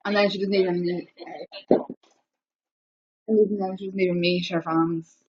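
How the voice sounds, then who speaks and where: A woman, telling a rambling story on a live stream, with many restarts and excited repeats. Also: on the low side, moderate pace, a little hiss or hum. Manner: breathless, repetitive, excitable retelling. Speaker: livestreamer. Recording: dull lo-fi livestream audio.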